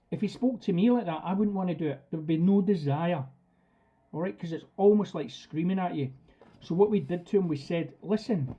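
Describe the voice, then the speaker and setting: A man's voice: on the high side, dull audio. A man teaching a live dog training class in a chatty, direct way. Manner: chatty and direct, acts out commands. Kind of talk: live online class talk.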